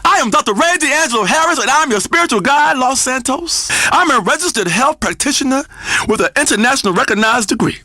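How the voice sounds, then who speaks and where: An actor playing a crude, boastful male spiritual-guru radio host, preaching loudly and swinging between growls and shouts. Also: very high voice, lively intonation, a little fast, dry recording, studio quality, heavily acted. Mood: brash. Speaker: radio talk show host. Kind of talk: comedic radio talk show.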